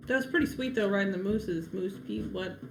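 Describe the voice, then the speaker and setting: Playful woman player, goofy and chatty, music clearly behind her. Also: medium pitch, brisk. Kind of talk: casual chat at a tabletop game.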